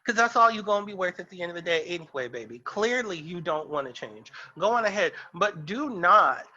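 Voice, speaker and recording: Sassy guy on a podcast going off, high bright voice, kinda dull lo-fi audio. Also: sing-song, fast. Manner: sassy, emphatic ranting. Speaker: podcast co-host. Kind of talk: casual chat.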